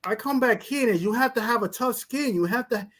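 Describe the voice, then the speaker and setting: A man from the United States speaks in a casual chat with a fairly high voice. He is soft-spoken and reflective, and often trails off to a quiet level. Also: fairly quick, over a noisy crowd.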